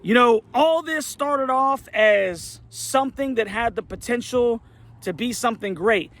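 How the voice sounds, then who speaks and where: High-pitched, gravelly ranting man. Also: unhurried, a bit bright, dry recording. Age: middle-aged. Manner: heated, exasperated, rhetorical questions. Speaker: sports fan commentator. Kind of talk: angry fan rant.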